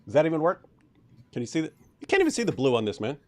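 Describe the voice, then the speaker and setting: A man's voice: fairly high pitch, huge pitch swings, very fast. A man hosting a live stream, chatting casually, who mocks and laughs often. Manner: mocking, laughs often, restarts sentences.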